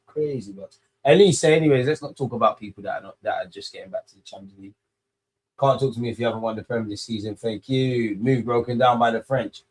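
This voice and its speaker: A man's voice: medium pitch, darkish tone. Streamer type: thirties man, loose slangy football chat, rambling banter. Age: 30s. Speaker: watch-along streamer. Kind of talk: casual live football watch-along commentary.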